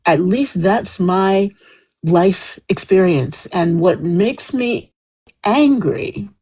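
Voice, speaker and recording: A woman with a husky, breathy edge speaks out in a live stream debate. She argues with conviction and climbs higher as her frustration builds, then pulls back with apologies. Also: a little mellow, rough recording. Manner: passionate, rising to heated, then apologetic.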